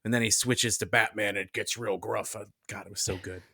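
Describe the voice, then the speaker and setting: A man's voice: on the low side, steady tone, fairly quick, sharp tone, dry recording, studio quality. Eager man chatting on a podcast. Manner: enthusiastic, lots of "like". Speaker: podcast co-host. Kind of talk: casual chat.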